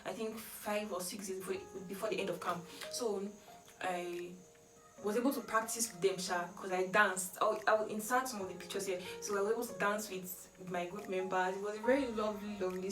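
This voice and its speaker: A young Nigerian woman talks through a casual vlog story in a chatty, animated way. Her middle-pitched voice sits a little back from the mic in an echoey room. Faint music plays underneath. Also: recorded from a distance. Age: young adult. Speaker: vlogger.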